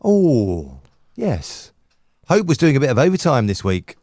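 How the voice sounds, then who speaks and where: A man's voice: mid-range voice, wildly swooping pitch, unhurried, warm tone, no echo, clean studio sound. A man co-hosting a casual radio-station podcast, chatting and joking, often slipping into a put-on Irish voice. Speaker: podcast co-host. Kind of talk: casual chat.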